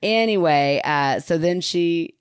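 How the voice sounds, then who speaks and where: A woman in her thirties co-hosting a podcast, an animated storyteller who laughs often. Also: on the low side, slow pace, clean tone, no echo, clean studio sound. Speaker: podcast co-host. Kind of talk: casual chat.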